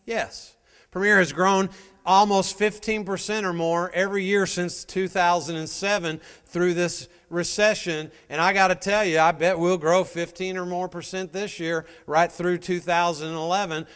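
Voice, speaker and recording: A man giving an energetic motivational speech to a live sales audience, firing rhetorical questions at the crowd. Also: high-pitched, smooth. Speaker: motivational speaker at a sales meeting. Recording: long hall reverb.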